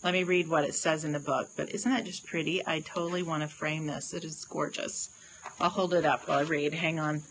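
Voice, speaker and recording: A woman's voice: low voice, steady tone, fairly quick, fairly bright tone, a little hiss or hum, poor audio. A woman hosting a casual livestream oracle card reading, gushing with praise and talking to viewers by name.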